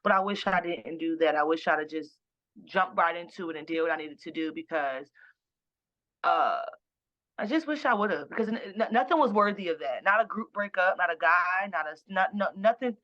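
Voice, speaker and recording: A woman musician chatting casually in an interview, animated and jokey, often restarting her sentences. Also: fairly low pitch, moderate pace, dull audio. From Boston. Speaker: musician guest.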